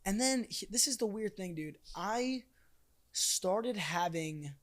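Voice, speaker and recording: A man's voice: high-pitched, lively intonation, slow pace. A young man guesting on a podcast, telling a story casually and animatedly, with swearing and lots of fillers.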